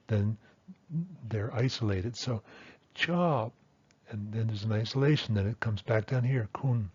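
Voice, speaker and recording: A man's voice: mid-range voice, darkish tone, slightly rough, dull audio. A man teaching a language lesson, patiently explaining and sounding out example words one by one. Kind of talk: explaining pronunciation at a whiteboard.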